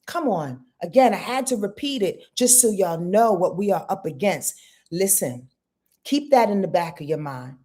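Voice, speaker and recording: A woman's voice: mid-range voice, animated, normal speed, mellow, breathy edge. A woman astrologer hosting a live-stream forecast, talking straight to her viewers with emphatic repeats and rhetorical questions. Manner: talks straight to viewers in chat. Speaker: astrologer host.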